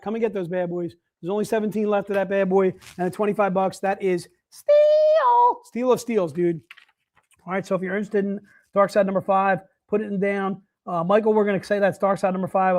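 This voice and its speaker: A man's voice: sits high, little pitch movement, fast talker, darkish tone. A man hosting a live sales stream, chatting casually and upbeat, calling everyone "dude.". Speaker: livestream sales host.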